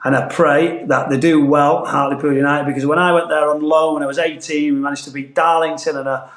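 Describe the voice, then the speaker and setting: A man's voice: fairly high pitch, flat delivery, fairly quick, a bit bright, echoey room. A man who grew up in northeast England, with a Manchester-tinged accent, chatting earnestly on a podcast as a former footballer. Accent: Manchester-tinged English. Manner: earnest, rambling with restarts. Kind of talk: casual podcast chat.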